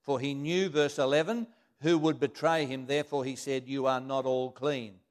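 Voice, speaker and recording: A man's voice: mid-range voice, steady tone, normal speed. A man preaching a sermon, reading scripture aloud and then explaining it in plain everyday words.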